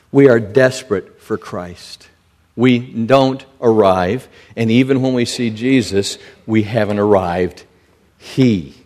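Slow-preaching man with rising pleas. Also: a little mellow. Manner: slow, deliberate preaching that rises to high, emphatic pleas. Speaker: pastor. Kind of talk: sermon.

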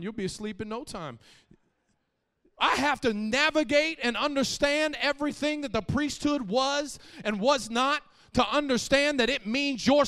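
Very high-voiced man preaching a sermon. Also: in a large hall. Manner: animated preaching, swinging from soft asides to shouted peaks; repeats phrases for emphasis and talks straight to the congregation. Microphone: live-streamed church mic.

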